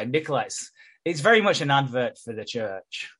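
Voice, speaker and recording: A man's voice: mid-range voice, a little slow, pauses often, a bit bright. Sweary laughing man recapping. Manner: sweary, laughing, retells scenes with quoted voices. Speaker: podcast co-host recapping a soap. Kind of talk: casual chat.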